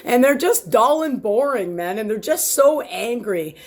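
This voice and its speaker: A woman's voice: fairly high pitch, animated, measured pace. A woman vlogging from home in a casual, heated rant, rambling and swearing with lots of restarts, filmed by a camera set far back in the room. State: sore back.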